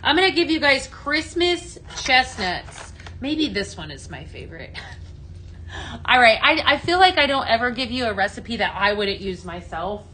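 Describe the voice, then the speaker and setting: A woman's voice: a little high, sing-song, unhurried, pushed and bright, a little hiss or hum. A woman from the American Midwest hosting a live product demo, chatty and enthusiastic, greeting viewers by name. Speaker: home fragrance consultant hosting a live sale.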